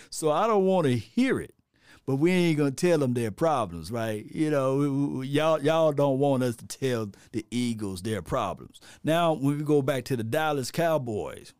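A middle-aged man giving opinionated casual sports commentary as a host, animated and rambling, repeating himself and adding preachy asides. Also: medium pitch, slow pace, pauses often, clean tone, no echo, studio quality.

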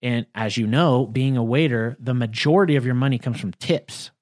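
A man co-hosting a casual chat, telling a relaxed, self-deprecating story. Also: medium pitch, normal speed. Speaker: podcast co-host.

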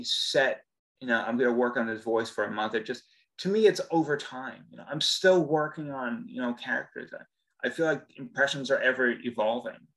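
A man's voice: medium pitch, a bit bright, poor audio. Chatty male voice actor guest. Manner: chatty, many fillers and restarts. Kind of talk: casual interview chat.

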